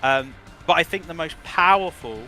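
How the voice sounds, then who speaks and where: A man's voice: fairly high pitch, moderate pace, pushed and bright, faint music behind. A man who works as a voice director, giving long, rambling interview answers full of restarts.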